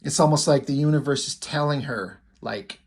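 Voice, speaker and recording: Rambling husky-voiced guy recapping a comic. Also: on the high side, normal speed. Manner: rambling, filler-heavy, swears freely. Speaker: comic book reviewer.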